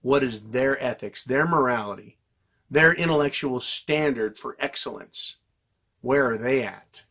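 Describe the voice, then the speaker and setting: A man delivering a heated, profanity-laced monologue to his viewers, yelling and venting. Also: medium pitch, measured pace, husky. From United States. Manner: yells and vents angrily, heavy swearing. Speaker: political commentary vlogger.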